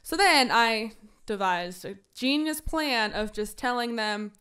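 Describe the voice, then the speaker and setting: A woman podcast host telling a funny personal story in a casual, animated way, acting out her younger self's lines. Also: on the high side, slow.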